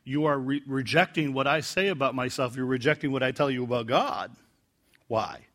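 Guy teaching the bible verse by verse, gets loud acting out the quotes then goes quiet and low explaining. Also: moderate pace. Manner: animated, acts out quoted lines with rising pitch and volume. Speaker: preacher.

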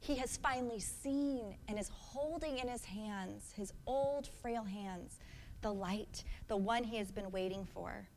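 A woman's voice: medium pitch, unhurried, darkish tone. Female pastor in her thirties, earnest reflective sermon, long hall reverb, faint room noise. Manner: earnest, reflective, with rhetorical questions to the congregation.

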